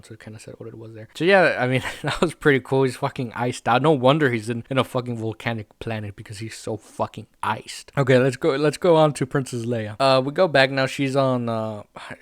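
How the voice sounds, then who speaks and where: A young man hosts a casual podcast, rambling loosely and swearing freely with laughing asides. His voice sits at a medium pitch, recorded close and dry with no room sound. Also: no echo. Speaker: podcast host. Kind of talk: casual recap chat.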